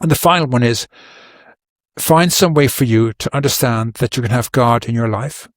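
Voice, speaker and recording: Middle-aged man, podcast guest, earnest and rambling, mid-pitched voice, dry close sound. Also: normal speed, no room sound. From Ireland. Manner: earnest, rambling with restarts and stories. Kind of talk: casual advice talk.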